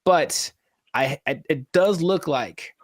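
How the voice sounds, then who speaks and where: A man's voice: a little high, expressive, slow pace, a little hiss or hum. A man co-hosting a podcast in casual chat, joking and rambling with lots of repeats. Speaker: podcast co-host.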